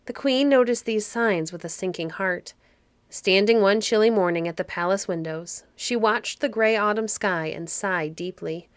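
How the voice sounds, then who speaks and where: A woman narrating a fairy story for a podcast in a soft, cozy, unhurried manner. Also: medium pitch, dry recording.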